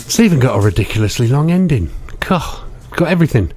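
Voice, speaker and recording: A man's voice: medium pitch, big pitch swings, quick pace, a little mellow. A man presenting a radio music show, linking songs in a chatty, playful way.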